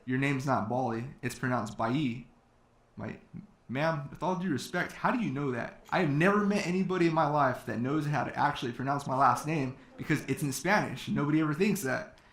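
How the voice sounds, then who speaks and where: Brisk and a bit bright, this man's mid-range voice carries a personal story before an audience. He's from California, voices other people's quoted lines himself, and leans heavily on fillers, with the hall echoing around him.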